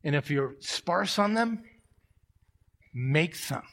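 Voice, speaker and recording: A middle-aged male pastor preaching a sermon, telling stories with animated swings from loud to hushed. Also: a little high, takes it slowly, vocal fry. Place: church.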